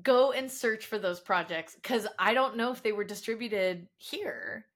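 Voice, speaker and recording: A woman's voice: on the high side, unhurried, a crowd in the background. A woman guest, a voice actor and coach, telling audition stories in a casual, self-deprecating way. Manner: animated anecdotes, self-deprecating, trailing restarts. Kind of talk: casual storytelling interview.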